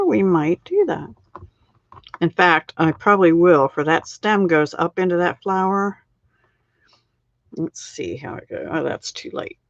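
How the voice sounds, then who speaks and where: A woman's voice: deep voice, no echo. Middle-aged lady chatting thru a card craft stream, pokes fun at herself, kinda dull lo-fi audio. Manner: chatty, self-deprecating, laughs often. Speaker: card-making live stream host. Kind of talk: casual crafting demo chat. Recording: dull lo-fi sound.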